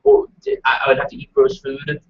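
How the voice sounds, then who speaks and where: A man's voice: medium pitch, huge pitch swings, fairly quick. A man chatting casually on a live stream, rambling and self-deprecating. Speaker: show regular. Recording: dull lo-fi webcast audio.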